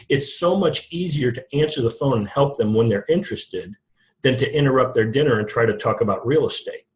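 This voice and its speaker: A man's voice: mid-range voice, lively intonation, a little fast. A middle-aged man as an interview guest, talking casually about sales with restarts and chuckles. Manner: conversational, restarts sentences, laughs at own jokes. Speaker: guest, lead generation company founder.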